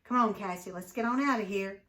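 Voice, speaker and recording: A woman voicing a gruff, protective older brother. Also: fairly quick, bright, forceful tone, far from the mic, natural voice. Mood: urgent. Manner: gruff, low, urgent.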